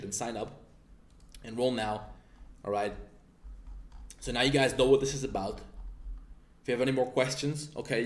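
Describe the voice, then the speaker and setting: Profane, confrontational male mentor, mid-pitch voice, roomy echo. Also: darkish tone. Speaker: online mentor pitching a course. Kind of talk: intense motivational rant.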